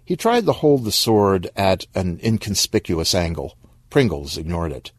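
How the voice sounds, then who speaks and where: A man narrating a short story in a wry, expressive storybook reading. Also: sits low, a little slow, husky, no echo, clean studio sound.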